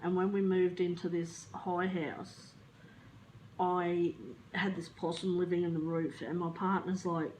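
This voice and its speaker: An Australian woman with a lowish voice chats casually and rambles from one story to the next. She is chatty, swears freely and sounds a touch flat. Her speaking voice sits on the low side, with faint background noise. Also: measured pace, low-quality recording. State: feeling flat. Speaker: vlogger.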